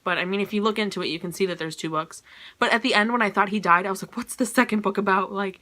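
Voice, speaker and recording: A woman's voice: medium pitch, very fast, pushed and bright. A woman giving a casual, chatty book review, gushing and scattered with "like" and "you know".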